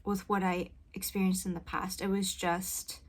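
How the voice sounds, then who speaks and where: In a flat, mid-range voice at normal speed, a woman musician and video creator reflects hesitantly in her personal vlog, searching for the right words. She records in a home vocal booth through a studio condenser mic fitted with a pop filter.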